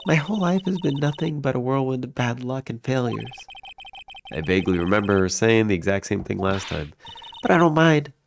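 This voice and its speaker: A man's voice: medium pitch, animated, a little fast, vocal fry, background noise, pitched above the performer's own voice. A man voicing a cheerful, unlucky young waitress while reading game dialogue aloud, in a plain voice with only a light attempt at a girl voice. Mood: upbeat. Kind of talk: let's play dialogue reading.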